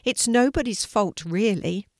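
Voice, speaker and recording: A woman voicing a startled but kindly male hedgehog in a children's story, in a squeaky, high voice. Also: a little slow, darkish tone, no room sound, studio quality, close to an everyday voice.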